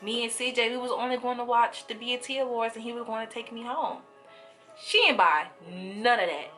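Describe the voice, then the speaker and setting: A young woman telling a story to her viewers in a casual, animated way, acting out the voices of people in it, with speech. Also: fairly high pitch, brisk, faint music behind. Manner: animated, acts out quoted voices, talks straight to viewers. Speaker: storytime vlogger.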